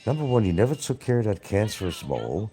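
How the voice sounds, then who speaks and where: A man's voice: on the low side, big pitch swings, quick pace, dark tone, soft background music. A man hosting his own livestream show, ranting at absent critics in a mocking, confrontational way, repeating his points and swearing freely.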